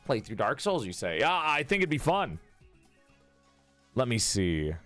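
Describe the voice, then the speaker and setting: A chatty male streamer whose pitch swings widely as he laughs, swears and greets his chat. He runs one line over and over while drilling an accent. The sound is close and dry, with faint music playing underneath. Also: sing-song, a little slow, a bit bright, dry recording. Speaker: live streamer. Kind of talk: casual live-stream chat.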